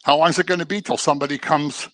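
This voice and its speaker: In a dry recording, a middle-aged man talks casually through an informal Bible study at a rapid-fire clip. His intonation stays fairly even and his tone is a bit bright, while he repeats phrases for emphasis and imitates others in a low, mocking voice.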